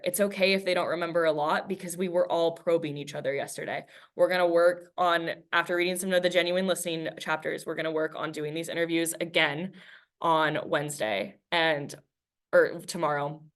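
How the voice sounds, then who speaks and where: A woman teacher with a lowish, steady voice speaks briskly in a recorded class lesson. She chats conversationally with her students and reads a book aloud, acting out the quoted dialogue.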